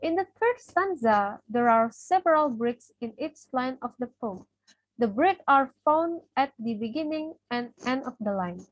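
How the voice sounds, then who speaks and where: High-voiced young woman reading notes. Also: expressive, measured pace, dry recording, rough recording. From Indonesia. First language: Indonesian. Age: young adult. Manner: reads steadily from notes, listing terms. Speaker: student presenter. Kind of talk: reading a class presentation.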